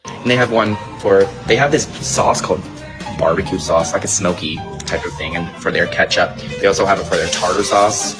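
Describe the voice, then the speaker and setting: A man with a lowish voice chats to camera in a short video clip. He sounds wide-eyed and enthusiastic. Loud music plays behind him. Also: brisk. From United States.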